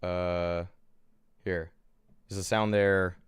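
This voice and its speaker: Man, streamer, lowish voice, smooth, dry close sound, rambling, halting. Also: flat delivery, no echo. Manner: rambling, halting, restarts often. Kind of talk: casual stream commentary.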